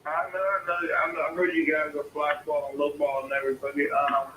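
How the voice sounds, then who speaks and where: A man's voice: fairly high pitch, little pitch movement, brisk, pushed and bright. Swearing, heated man on an echoey phone line. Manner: swearing, repetitive, argumentative. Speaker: caller, homeowner. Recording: echoey phone call with faint noise.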